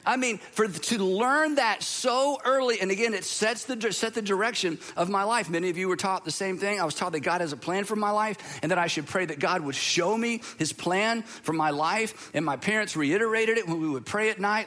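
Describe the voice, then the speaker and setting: A middle-aged pastor from Georgia, preaching in a conversational, storytelling way. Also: male voice, high-pitched, normal speed, bright, forceful tone. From Georgia, USA. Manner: conversational storytelling, with repeats and restarts. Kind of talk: sermon.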